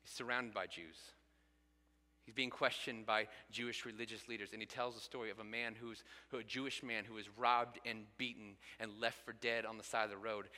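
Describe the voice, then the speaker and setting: A bright-voiced male pastor in his thirties delivers an earnest sermon in a large church sanctuary. His clear, forceful tone rises to emphatic peaks, and a long reverb trails each phrase around the hall. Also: mid-range voice.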